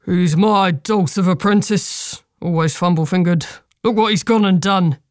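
A woman's voice: fairly low pitch, measured pace, no room sound, studio quality, close to an everyday voice. A woman voicing a brutal male butcher who grovels before the queen. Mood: groveling.

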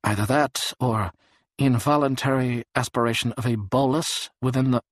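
A man reading an audiobook, voicing an odd, clinical man who talks in smooth, jargon-laden phrases. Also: mid-range voice, normal speed, no room sound, studio quality, pitched above the performer's own voice, natural voice. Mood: pedantic.

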